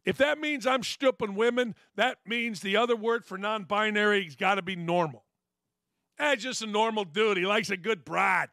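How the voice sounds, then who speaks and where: A man's voice: sits high, moderate pace, creaky, sharp tone, no echo, studio quality. A middle-aged man hosting a sports talk show, ranting bluntly and sarcastically and mocking his critics. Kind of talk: opinionated sports talk rant.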